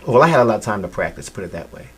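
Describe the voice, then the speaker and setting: A man's voice: fairly low pitch, sing-song, rapid-fire, slightly rough. A middle-aged man, a musician guest, telling stories animatedly in a casual interview, with frequent restarts.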